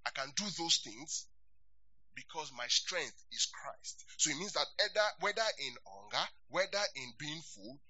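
Man, pastor preaching, lively swinging pitch, dry close sound. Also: breathy edge, no room sound, dull audio. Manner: animated, call-and-response with congregation. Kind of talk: sermon.

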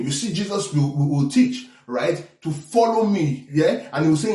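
Lively preacher guy, kinda high voice, mic far off in an echoey church. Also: moderate pace, few pauses. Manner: animated preaching with call-and-response asides. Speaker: pastor. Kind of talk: sermon.

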